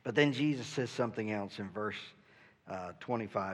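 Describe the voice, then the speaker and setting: A man's voice: medium pitch, normal speed. Earnest male preacher in echoing hall. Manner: earnest, asks "right?" often, stumbles over starts. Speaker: pastor. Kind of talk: sermon. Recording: long reverb from a hall.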